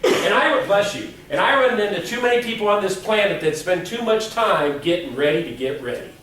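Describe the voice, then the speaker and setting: A middle-aged man with a fairly high voice gives a joking motivational talk to a crowd. He is picked up from far off in a big echoey hall, with faint room ambience behind him. His storytelling is playful and full of acted-out quotes. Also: expressive, fairly quick, a bit bright, a little hiss or hum. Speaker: motivational speaker. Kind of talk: humorous keynote speech. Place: large hall before a live audience.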